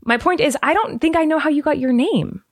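Bubbly, animated woman from the Kansas City area, casual podcast co-host, dry close sound. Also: brisk, no echo. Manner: bubbly and animated, jumps high in pitch when excited. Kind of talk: casual chat.

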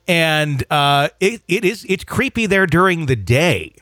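A man's voice: on the high side, very animated, a little slow, bright, forceful tone, no echo, clean studio sound. A man hosting a casual chat, rambling with restarts and frequent laughs. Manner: rambling, self-interrupting, laughs often. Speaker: podcast host.

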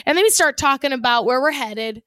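A high-voiced woman co-hosts a casual podcast chat, telling stories with lively energy and swearing freely. Her voice sits close and dry against the mic, with no room sound at all. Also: fairly quick, dry recording. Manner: animated storyteller, swears freely. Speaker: podcast co-host.

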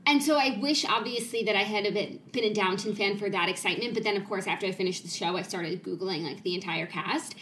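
A woman's voice: mid-range voice, fast talker, few pauses, a bit bright, rough recording. Young woman, podcast co-host, bubbly casual chat, faint background noise.

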